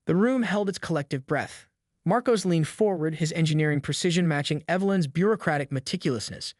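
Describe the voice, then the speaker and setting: Casting: male storyteller, scripted dramatic narration, somewhat high voice, dry close sound. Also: animated, a little fast, dry recording.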